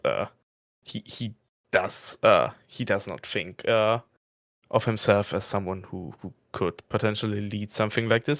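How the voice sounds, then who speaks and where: A man who is a regular player on a podcast, talking casually in halting bursts and laughing between thoughts. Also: on the low side, fairly bright tone, dry recording, studio quality.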